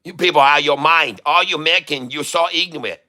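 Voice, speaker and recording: A man's voice: fairly high pitch, quick pace, pushed and bright. A man putting on an exaggerated fake Chinese accent in broken English, teasing and giggling between lines.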